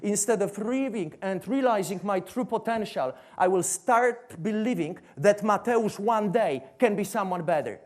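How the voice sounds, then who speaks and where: A man's voice: high-pitched, moderate pace, hardly any pauses. A man with a Polish accent giving a motivational stage talk as a coach, pressing his point with rhetorical questions and repetition. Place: stage before a seated audience.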